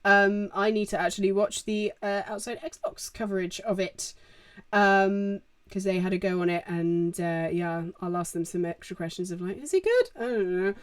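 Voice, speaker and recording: A woman's voice: mid-range voice, flat delivery, moderate pace, no echo. Young woman streamer, casual rambling Q&A, close dry mic sound. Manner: chatty, rambling, lots of fillers. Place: home. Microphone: desk microphone.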